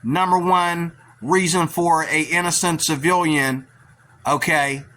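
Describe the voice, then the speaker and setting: Blunt man with a bright, tense voice. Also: a little high, steady tone, slow pace. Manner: blunt, opinionated, keeps asking "okay?". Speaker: video commentator. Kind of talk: rambling reaction commentary.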